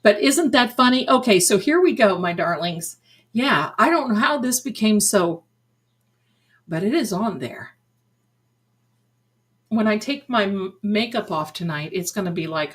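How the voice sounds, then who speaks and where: An older woman who is a psychic medium hosts a livestream in a medium-pitched, slightly bright, expressive voice, at a measured pace with long pauses. She gushes over viewers in casual chat, full of endearments like "my darling."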